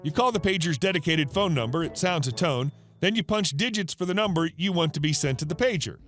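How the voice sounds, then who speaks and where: A man reads reddit stories in a scripted, upbeat way. His voice sits high and swings freely in pitch, and faint music plays behind him. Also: animated, brisk, fairly bright tone. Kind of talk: scripted narration.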